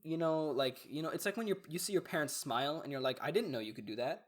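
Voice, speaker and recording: A man's voice: a little high, lively intonation, fast talker. A young man co-hosting a podcast, telling a story in a rambling, casual way with lots of fillers and restarts. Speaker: podcast co-host. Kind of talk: casual chat.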